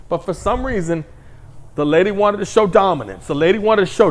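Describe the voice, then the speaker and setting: A man's voice: high voice, expressive, moderate pace, a bit bright. A man hosting his own commentary show, ranting in a blunt, heated, crude monologue. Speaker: commentary host.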